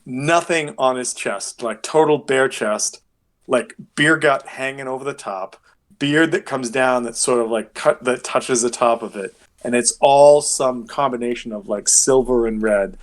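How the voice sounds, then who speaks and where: A man in the middle pitch range runs a tabletop game as game master. He rambles through his scenes, piling on fillers as he goes. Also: measured pace.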